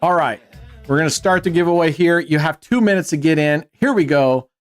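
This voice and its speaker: Male stream host, upbeat teasing banter, a bit high-pitched, soft music bed. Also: a little fast. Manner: joking, teasing banter with chat. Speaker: livestream host. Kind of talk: casual livestream chat.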